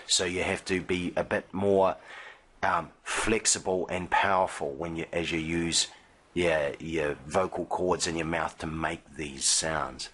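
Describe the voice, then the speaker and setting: A man with a very low voice gives a pronunciation lesson straight to camera. He is patient and demonstrative, lingering on long sounds and snapping out short ones to show the difference. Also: steady tone, a little slow, a bit bright. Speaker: IELTS teacher.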